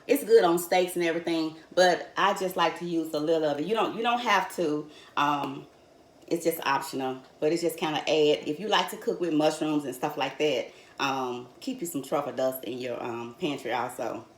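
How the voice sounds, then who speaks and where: Speaking at a normal pace in a low-pitched voice, this older woman runs a cooking demo from her home kitchen. She's folksy and warm, addressing viewers as honey and y'all, while cookware clatters in the echoey room.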